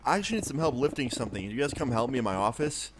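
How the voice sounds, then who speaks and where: A man's voice: mid-range voice, big pitch swings, very fast, close to an everyday voice. A man voicing a friendly middle-aged school principal in a cheerful, coaxing tone over a noisy recording with typing clicks.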